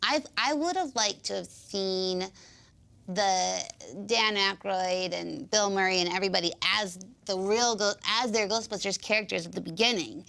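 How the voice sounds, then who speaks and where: Medium in pitch and moderate in pace, this young woman's voice has vocal fry and a fairly bright tone, making it unique. She is a guest chatting casually in an interview, often restarting sentences with fillers.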